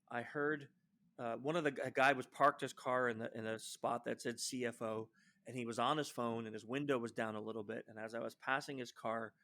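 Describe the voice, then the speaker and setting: Man telling a lively work story. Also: medium pitch. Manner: animated storyteller who acts out quoted lines; frequent fillers and restarts. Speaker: guest social engineer. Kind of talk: storytelling in a podcast interview.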